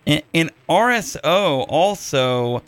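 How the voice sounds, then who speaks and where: A man's voice: on the high side, lively intonation, slow pace. A man hosting a podcast, chatting casually in a jokey, rambling way with lots of fillers. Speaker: podcast host.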